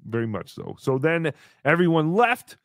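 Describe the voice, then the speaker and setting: A man hosting a live show, telling a story in casual chat with animated, exasperated swearing. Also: fairly high pitch, moderate pace, gravelly, no echo, studio quality. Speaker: podcast host.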